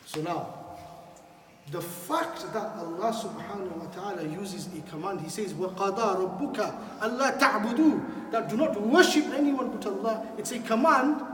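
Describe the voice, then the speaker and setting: A man's voice: high-pitched, slight background noise. A man giving a sermon as imam in a mosque, emphatic, repeating key phrases and putting questions to the audience. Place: mosque hall. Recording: echoey hall, from far off.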